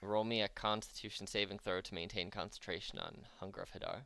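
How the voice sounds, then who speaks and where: A man's voice: fairly low pitch, huge pitch swings, fast, vocal fry, sharp tone, no room sound. A man running a tabletop game as game master, narrating casually with fillers and laughs.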